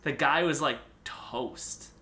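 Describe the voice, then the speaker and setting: A young man co-hosting a podcast in casual chat, getting excited and rising in pitch when he makes a point. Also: slow pace, roomy sound. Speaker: podcast co-host.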